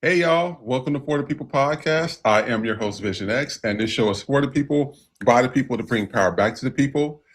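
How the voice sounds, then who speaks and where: A man's voice: medium pitch, fairly quick, hardly any pauses, breathy edge. Upbeat male podcast host. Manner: relaxed, upbeat host banter. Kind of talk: casual podcast chat.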